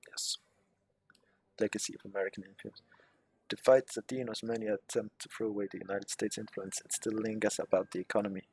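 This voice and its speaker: Breathy and lowish, this let's player's voice reads out strategy game text between muttered, cursing remarks in his relaxed gameplay commentary.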